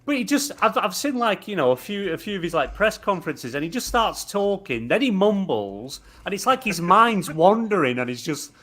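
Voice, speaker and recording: A man's voice: high voice, sing-song, moderate pace, hardly any pauses, sharp tone. A man on a podcast panel, chatting casually in a rambling way with frequent restarts. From United Kingdom. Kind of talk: casual chat.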